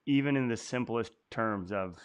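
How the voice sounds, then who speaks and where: A man from Canada hosting an interview talk show, responding gently and affirmingly while he searches for his words. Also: mid-range voice, normal speed, clear, resonant tone.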